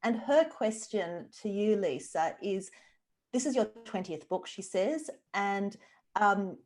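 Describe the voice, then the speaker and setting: An Australian woman moderates a festival talk with a novelist. She speaks in an enthusiastic, conversational way, and her voice sits at a middle pitch. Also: lively intonation, takes it slowly. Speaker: interviewer and moderator. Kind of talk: live literary festival conversation.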